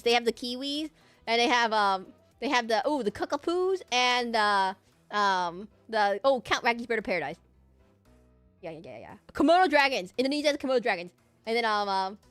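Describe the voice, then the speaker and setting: A woman VTuber chatting casually on stream, excitable and rambling with lots of fillers and little laughs. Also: on the high side, dry recording.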